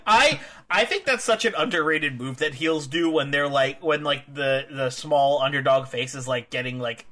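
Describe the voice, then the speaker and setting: A man chats eagerly about wrestling with a voice a bit higher than average. His tone is bright and lively. He rambles with constant fillers and breaks into laughter. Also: unhurried. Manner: excitable, lots of "like" fillers and laughter. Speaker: podcast co-host. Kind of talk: casual wrestling chat.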